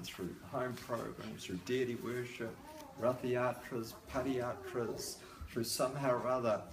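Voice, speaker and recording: A man's voice: medium pitch, background noise. An older man preaches in a mid-range voice, hammering points home by repeating them and dropping in jokes. The echo of the home room he speaks in hangs around his words. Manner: repetitive and emphatic, with joking asides. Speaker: lecturer. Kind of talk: devotional sermon at a home program. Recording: echoey room.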